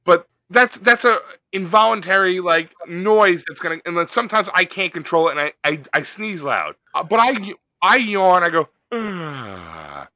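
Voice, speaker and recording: Bright, sharp-toned man ranting. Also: sits high, normal speed, hardly any pauses, no room sound. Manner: profane, animated ranting with comic voices. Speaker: podcast co-host. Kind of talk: casual chat.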